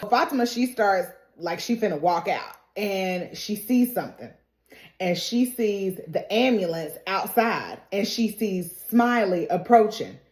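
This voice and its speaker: A woman giving a casual, animated recap and reaction, laughing often and acting out the characters' quotes. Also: mid-range voice, a little slow. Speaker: TV recap vlogger. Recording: roomy echo.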